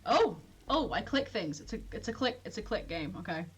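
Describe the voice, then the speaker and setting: A woman's voice: mid-range voice, very animated, normal speed, breathy edge. A young woman streamer chatting casually and self-deprecatingly while she plays a detective game, often giggling. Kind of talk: casual gameplay commentary.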